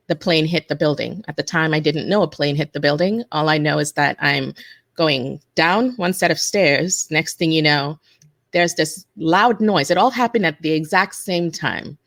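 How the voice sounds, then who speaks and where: Casting: low-voiced woman, halting personal testimony, dry close sound. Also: creaky, a bit bright, no echo. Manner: halting, with restarts and self-corrections. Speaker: interview guest, attack survivor.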